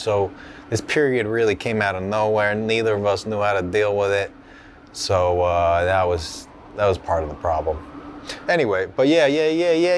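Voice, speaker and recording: A male comedian singing a comic song and then talking casually, with a deadpan, halting delivery over music. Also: fairly low pitch, a little hiss or hum.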